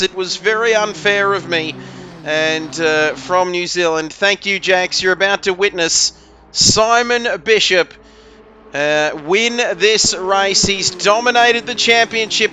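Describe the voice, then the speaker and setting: A man doing excitable, joking play-by-play commentary on a sim race. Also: high voice, a little hiss or hum.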